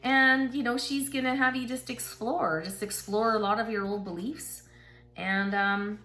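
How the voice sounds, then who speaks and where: A woman's voice: mid-range voice, fairly quick, pushed and bright. A middle-aged woman hosting a casual book talk, chatting and reading passages aloud in an encouraging way with asides to her listeners.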